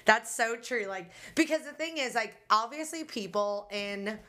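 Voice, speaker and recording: Bright-voiced chatty woman podcast co-host. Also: on the high side, expressive, measured pace. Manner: chatty, rambling with many "like"s. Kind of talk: casual chat.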